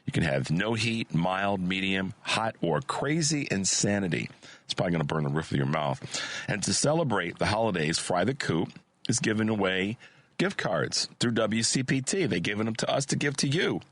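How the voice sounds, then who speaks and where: A male radio talk host with a very low voice and a scratchy throat, heard on a dry, close studio microphone. He chats and reads sponsor spots energetically, full of restarts. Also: moderate pace, dry recording. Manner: energetic, many restarts and fillers.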